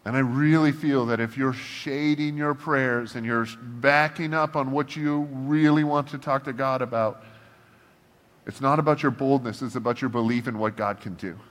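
A man preaching in a casual, joking way, acting out his blunt prayers to God. His pitch is mid-range. The voice carries a long reverb, as if he is speaking in a large church hall. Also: normal speed. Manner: animated, humorous, acts out prayers to God in a shifting voice. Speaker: pastor. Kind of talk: casual conversational sermon.

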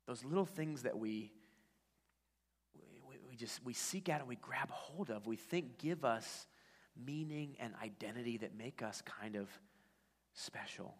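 A man's voice: medium pitch, expressive, unhurried, slightly rough. Man preaching in a reverberant hall. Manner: conversational storytelling, frequent restarts. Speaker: pastor. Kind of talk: sermon. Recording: long church-hall reverb.

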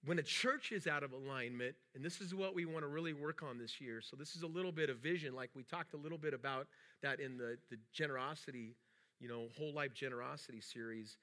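A man's voice: medium pitch, fast talker, bright, forceful tone. A middle-aged man, a pastor, preaching a sermon in a rambling storytelling way with many restarts. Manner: acts out quoted dialogue in a raised voice.

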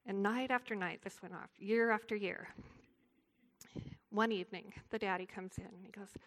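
A woman's voice: medium pitch, fairly even intonation, normal speed, fairly bright tone. A woman speaking to a women's ministry gathering, telling a story in an earnest way and closing in prayer. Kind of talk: devotional talk with storytelling and prayer.

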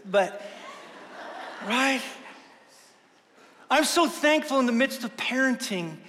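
A male pastor preaching a sermon, swinging from hushed slow passages to loud fervent ones. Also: very high-pitched. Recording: long hall reverb.

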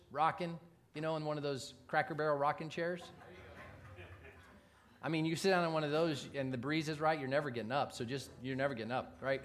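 Guy preaching a sermon, slightly higher voice, jokey and chatty, keeps asking right?. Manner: conversational preaching with humor, asides like "right?". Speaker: pastor.

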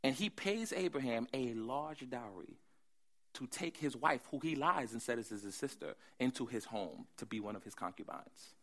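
A man preaching a sermon, animated, swinging from hushed asides to loud emphasis. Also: mid-range voice, normal speed. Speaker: pastor.

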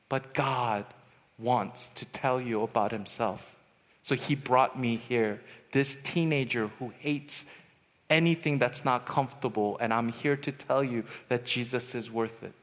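A man giving a testimony sermon at a youth retreat, telling his story dramatically and swinging from hushed to loud. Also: medium pitch, measured pace. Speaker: retreat speaker. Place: large hall at a youth retreat. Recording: long hall reverb.

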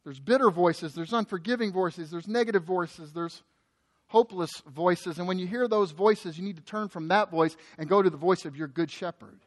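A man preaching a sermon as pastor, impassioned, with a repetitive cadence that swings between loud emphasis and quiet intensity. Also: high-pitched, moderate pace.

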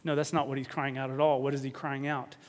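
A man's voice: medium pitch, flat delivery, quick pace. A man preaching a sermon, asking his listeners questions, stressing words and often repeating himself. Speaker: pastor. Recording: long reverb of a hall.

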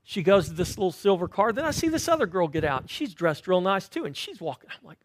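A man preaching a sermon as pastor in a church, telling stories animatedly and swinging from loud to hushed. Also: high voice, sing-song, fast talker, no room sound, clean studio sound. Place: church sanctuary.

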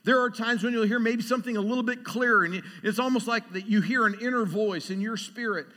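A man's voice: very high-pitched, fast talker, sharp tone, in a large hall. A man preaching a sermon, talking through prayer and scripture and building to emphatic call-and-response.

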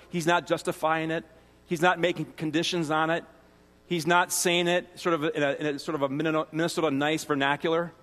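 A pastor giving a sermon in a relaxed, conversational teaching manner, often restarting phrases and adding asides. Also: male voice, high-pitched. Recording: long reverb of a large hall.

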